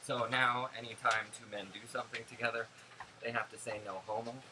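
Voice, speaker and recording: A young man telling stories in a casual vlog, animated, gossipy and sarcastic. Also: mid-range voice, fairly quick, background noise. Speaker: vlogger.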